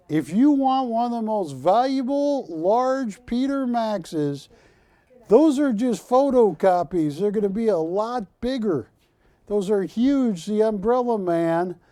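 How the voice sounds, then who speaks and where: A man hosting a live shopping channel, pitching art to callers with persuasive repetition. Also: animated, slow, dark tone, dry recording. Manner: persuasive, repeats words for emphasis. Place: TV studio.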